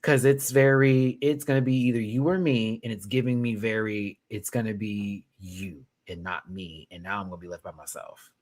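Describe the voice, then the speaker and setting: A young man hosting a live review chat, sassy and animated, laughing and then dropping to quiet asides. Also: fairly low pitch, moderate pace, hardly any pauses. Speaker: host reviewing a reality show live.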